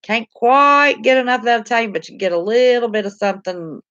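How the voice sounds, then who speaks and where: This channel host is a woman with a Southern American accent, reading live chat and answering comments in a homey, talkative way while laughing easily. Her voice is on the high side, animated, fairly quick and a bit bright. The recording has no echo but sounds muffled.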